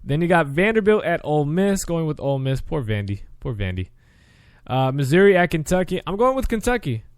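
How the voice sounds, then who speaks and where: A young man hosts a sports show and works through his weekly picks in a loose, chatty way, stumbling and correcting himself as he goes. His voice sits a little high and comes through smooth. The sound is close and dry. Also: expressive, quick pace, no room sound. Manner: chatty, self-correcting, frequent restarts. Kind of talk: casual sports picks commentary.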